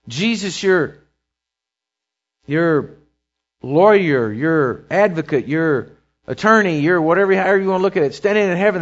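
A man preaching a sermon as pastor, building intensity with repeated phrases and dropping low for emphasis. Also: muffled recording.

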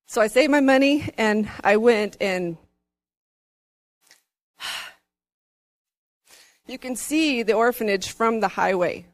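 Earnest woman, church testimony, higher voice, dry close sound. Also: slow, pauses often, dry recording. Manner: earnest, rising to excited. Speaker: church member giving a testimony.

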